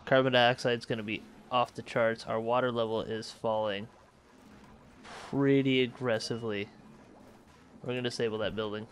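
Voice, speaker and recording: A man's voice: mid-range voice, steady tone, moderate pace, a little hiss or hum. A man hosting a let's play, thinking aloud and correcting himself as he manages a space colony game. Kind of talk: casual gameplay commentary.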